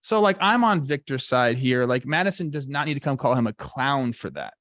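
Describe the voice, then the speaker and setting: A man's voice: mid-range voice, very animated, brisk, fairly bright tone, no echo. A man in his thirties co-hosting a casual sports talk show, talking loosely and filling his speech with "like" and "dude.". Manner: loose, filler-heavy, says like and dude a lot. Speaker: podcast co-host, former ballplayer.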